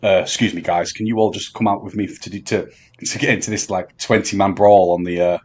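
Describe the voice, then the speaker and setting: A man telling a long story on a podcast, halting with many ums and restarts. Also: low-pitched, steady tone, darkish tone, slightly rough. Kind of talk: casual storytelling chat.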